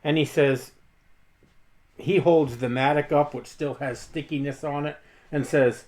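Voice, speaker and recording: Higher-voiced man playing a dwarf hero. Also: steady tone, darkish tone. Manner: voices his character in quoted lines, halting with restarts. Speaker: player. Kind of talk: playing a tabletop game.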